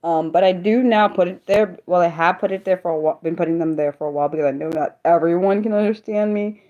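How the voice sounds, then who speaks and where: A young woman hosts her own livestream, chatting fast and loosely, her thoughts tumbling out and restarting mid-sentence. Her voice sits low and mellow. The sound is dull and lo-fi. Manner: fast, rambling, self-interrupting talk. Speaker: livestream host sharing poetry. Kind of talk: casual livestream chat. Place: home, talking to a livestream.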